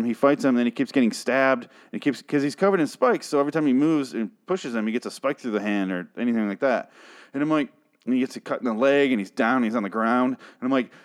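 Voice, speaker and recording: An irritated man rants through a recap of a TV episode. He swears freely, talks in loose, casual bursts and backtracks to restart his sentences. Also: medium pitch.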